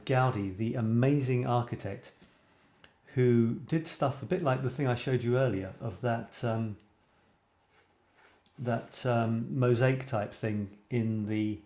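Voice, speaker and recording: A man chats casually on a live stream, musing aloud over viewer comments with plenty of ums and restarts. His voice is mellow and dark, and the recording has a roomy echo. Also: medium pitch. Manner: chatty, musing aloud, frequent fillers and restarts. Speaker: host of a photography live stream.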